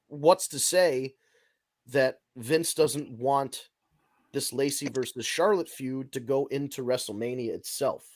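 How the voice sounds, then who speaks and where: A man hosting a wrestling podcast in casual chat, rambling and swearing as he rants. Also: medium pitch. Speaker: podcast host.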